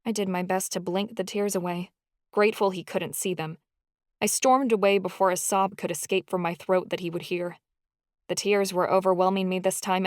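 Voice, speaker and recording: A woman narrating a first-person audiobook in an expressive, emotional storytelling style. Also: mid-range voice, dry recording, clean studio sound.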